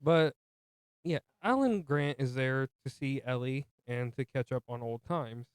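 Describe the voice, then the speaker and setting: A man's voice: mid-range voice, unhurried, smooth, dry recording, studio quality. A man co-hosting a movie podcast, casually retelling the plot with jokey asides. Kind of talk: casual film recap chat.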